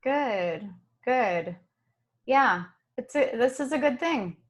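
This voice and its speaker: A soft-spoken woman hosts a meditation circle over a video call. She talks slowly in a slightly high voice and laughs easily as she goes. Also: animated. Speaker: meditation group host. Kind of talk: casual group video call.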